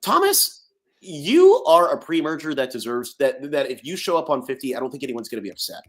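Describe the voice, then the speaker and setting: A man's voice: medium pitch, fast. Man chatting on a podcast. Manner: animated, repeats words and restarts often. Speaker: podcast co-host. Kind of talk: casual chat.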